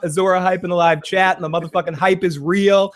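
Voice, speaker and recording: A man hosting a live-streamed podcast, hyping the chat with loud, profane hype-man delivery. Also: high voice, fairly even intonation, fast talker. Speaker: host.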